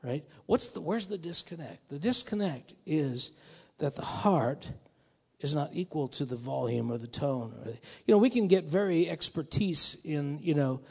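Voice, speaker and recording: A man's voice: fairly high pitch, expressive, moderate pace, vocal fry, husky. A man preaching a sermon in a conversational, musing way that rises to emphatic bursts. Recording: long hall reverb.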